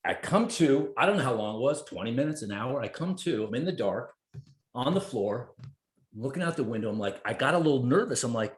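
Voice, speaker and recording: A man in his fifties from New Jersey, a podcast guest telling stories in an animated way, swearing freely and acting out his own inner voice. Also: mid-range voice, a little fast. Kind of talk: conversational storytelling. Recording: roomy echo.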